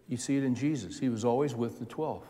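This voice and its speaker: A man's voice: mid-range voice, quick pace, warm tone, long reverb tail. A man in his seventies preaching a sermon in a folksy, conversational way, repeating phrases for emphasis. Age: 70s.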